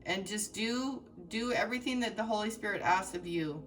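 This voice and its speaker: A woman's voice: mid-range voice, moderate pace, fairly bright tone, recorded from a distance, soft background music. A woman giving a heartfelt, emotional tarot reading, speaking straight to her viewers with many fillers and restarts. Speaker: tarot reader.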